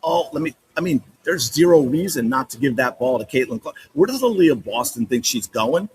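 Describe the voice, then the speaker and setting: A man hosting a sports podcast, breaking down game film with animated, exasperated commentary and repeating points for emphasis. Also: medium pitch, normal speed, breathy edge, rough recording.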